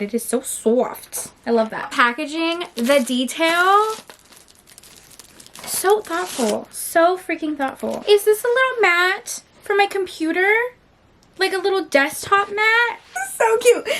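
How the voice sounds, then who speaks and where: A woman's voice: high voice, fairly bright tone, a little hiss or hum. A woman hosting her book channel in a casual vlog, gushing with enthusiasm and often repeating her phrases. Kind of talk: casual vlog unboxing chat.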